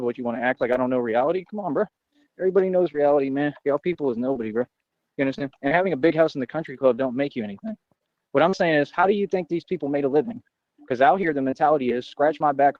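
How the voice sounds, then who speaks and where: A man rattles off a brash, confrontational rant at a quick clip, bragging and jumping from one grievance to the next. His voice is close and dry with no room around it. The stream audio sounds dull and lo-fi. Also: medium pitch, no echo. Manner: boastful, confrontational, rambling. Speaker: livestreamer. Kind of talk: ranting monologue on a livestream.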